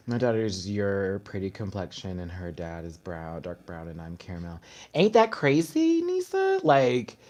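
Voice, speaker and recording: A man hosts a casual livestream and talks straight to his viewers. He tells stories with energy and acts out the words of the people in them. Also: on the low side. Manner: animated storytelling, acting out his mother's words. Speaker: host.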